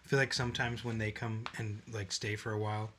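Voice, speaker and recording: A young man co-hosting a podcast, chatting casually and putting on quick drawled voices in his stories. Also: on the low side, a little hiss or hum. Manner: animated storyteller, puts on drawled voices. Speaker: podcast co-host. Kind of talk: casual chat.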